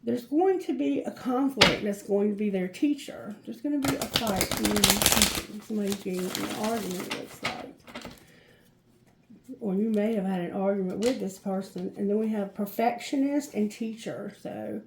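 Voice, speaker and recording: A woman's voice: mid-range voice, normal speed, gravelly, echoey room, noisy background. A woman giving a chatty tarot card reading, effusive and laughing often. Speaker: tarot reader.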